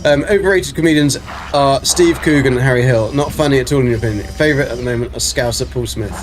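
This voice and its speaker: A man's voice: mid-range voice, quick pace, background noise. Chatty man streaming a game. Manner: rambling, many ums, reads chat aloud. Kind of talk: casual live-stream chat.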